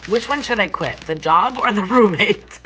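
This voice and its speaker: Chatting from a hotel room, a young woman reads her viewers' questions aloud and swears freely in a lively, casual vlog. Her voice sits in the mid-range, and the poor-quality audio carries a little hiss or hum.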